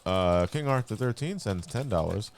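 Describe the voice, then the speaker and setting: A man with a fairly low voice chats loosely as a co-host on a charity stream. He swears easily and freely. Faint background noise sits under him. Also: expressive, moderate pace. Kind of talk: casual chat.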